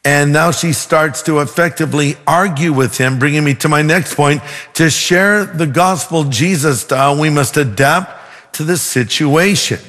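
Male pastor, sermon, fairly high voice, earnest and emphatic, long reverb, faint music. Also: a bit bright. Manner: earnest, emphatic, slows down to stress points.

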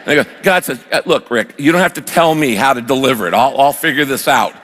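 A man preaching a sermon, telling a personal story and acting out his own prayers in an animated way. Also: medium pitch, fast. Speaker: pastor. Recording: long hall reverb.

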